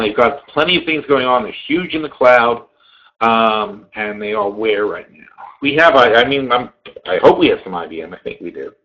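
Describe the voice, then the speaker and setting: A man hosting a live trading webinar in a casual, animated way, digressing and swearing freely. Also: medium pitch. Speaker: webinar host and trading educator. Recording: roomy, slightly dull sound.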